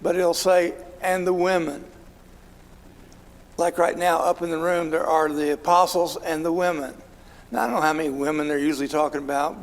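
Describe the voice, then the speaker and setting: Here a man guides a relaxed Bible class in a church hall, quizzing his students and filling his speech with fillers in a conversational way. His pitch is fairly high, the space sounds big, and the audio is poor.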